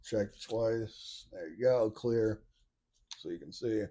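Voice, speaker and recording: A man with a lowish, mellow voice talks slowly while hosting a podcast. His commentary is a relaxed, meandering monologue with many restarts, occasionally blunt and derisive, with a bit of swearing.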